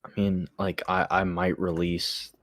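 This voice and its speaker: A man's voice: low voice, flat delivery, a little slow, fairly bright tone, dry recording. A man on a gaming stream, teasing a friend and rambling through a story with many restarts. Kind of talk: casual gaming chat.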